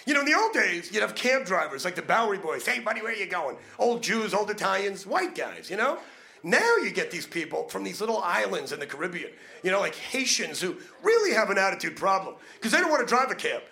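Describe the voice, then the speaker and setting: A man's voice: high voice, big pitch swings, fairly quick, vocal fry, pushed and bright. A man doing a crude, brash stand-up comedy set, punching his lines.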